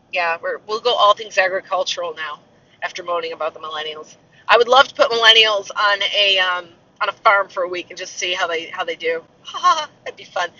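A podcaster in her forties chats casually while driving on a country road, her mid-range voice pushed and bright. She rambles, jumping from tangent to tangent about whatever she passes. The audio is dull and muffled, captured from a distance.

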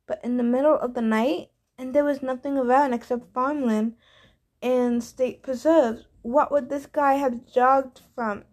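A woman reads a novel aloud in the first person. Her voice is high, and her reading is plain, with small stumbles now and then. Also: fairly even intonation, measured pace, darkish tone. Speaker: reader. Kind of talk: audiobook narration of a novel.

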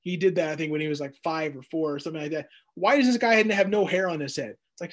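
A man in his thirties teaching verse by verse through scripture in a jokey, animated way, acting out the quotes. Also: a little high, fast. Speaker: Bible teacher.

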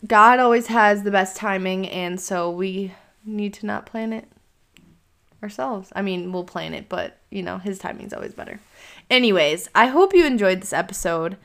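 A young woman in her twenties co-hosts a casual podcast. She rambles in a chatty way, scattering "like" through her sentences. Her voice sits at an ordinary middle pitch. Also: moderate pace, creaky, fairly bright tone. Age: 20s. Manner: chatty, full of "like" fillers. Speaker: podcast co-host. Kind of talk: casual chat.

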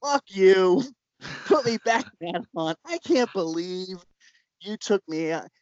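A man voicing an indignant woman who yells that she wants to be put back in. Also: high voice, expressive, takes it slowly, lo-fi sound, voice pushed up. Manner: indignant, yelling. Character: furious woman demanding to go back in.

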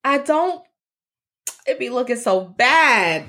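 A woman's voice: high voice, animated, slow, bright, forceful tone. Blunt joking woman co-host. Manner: blunt and joking, repeats her lines for emphasis. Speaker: podcast co-host. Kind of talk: casual chat.

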